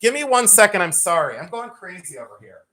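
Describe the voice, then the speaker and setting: Host for a live jewelry stream: a man, bright and animated, joking and teasing viewers, swears casually. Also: sits high, a little fast. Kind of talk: live-stream sales chat.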